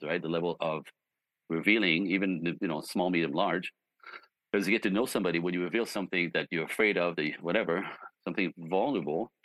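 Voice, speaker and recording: A man's voice: sits low, dry recording, poor audio. A man guest giving relationship advice in a conversational way, telling stories with lots of "you know" and "right?". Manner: animated storyteller.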